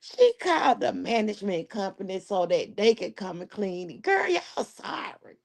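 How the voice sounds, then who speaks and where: A woman's voice: medium pitch, expressive, normal speed, vocal fry, darkish tone. A woman hosting a live stream, telling a story in a sassy, profane, laughing way. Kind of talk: casual live-stream commentary.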